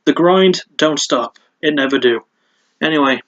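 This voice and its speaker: A man's voice: a little high, measured pace, a bit bright, highs cut off. A man hosting a casual solo fight review, chatty and prone to repeating words and restarting sentences.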